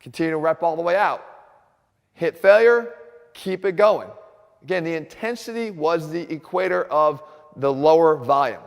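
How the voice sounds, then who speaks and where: A man's voice: a little high, animated, normal speed, vocal fry, long reverb tail. A man hosting an instructional fitness video, speaking earnestly and directly to his viewers.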